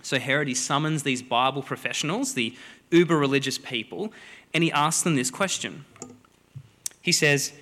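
A man preaching a sermon, a lively, joking storyteller who acts out the people in the story. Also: a little high, moderate pace. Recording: long hall reverb.

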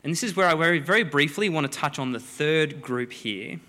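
A man preaching a sermon, a lively, joking storyteller who acts out the people in the story. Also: on the high side, a little fast. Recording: long hall reverb.

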